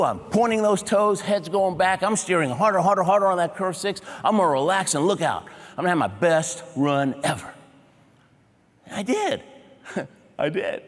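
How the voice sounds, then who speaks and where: A motivational keynote speaker telling humorous stories in short, punchy phrases, checking in with a large audience. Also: male voice, high voice. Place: large auditorium before a big audience. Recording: reverberant hall sound.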